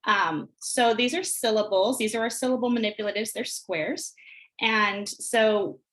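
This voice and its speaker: A teacher trainer, a woman with a voice on the high side and a bit bright, presents a video-call workshop as if at her computer mic. She clearly teaches early reading skills and slows her pace to model short words and sentences for listeners.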